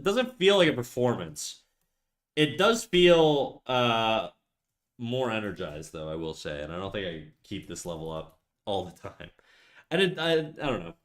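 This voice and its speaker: A man's voice: medium pitch, a bit bright. A young man streaming live, chatting casually in an upbeat, talkative way, restarting and stumbling over his words.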